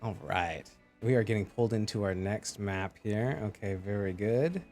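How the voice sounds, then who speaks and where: A man's voice: fairly low pitch, normal speed, a little mellow, soft background music. A man casting a live esports match, chatty and joking as he reads out chat messages. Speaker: esports caster.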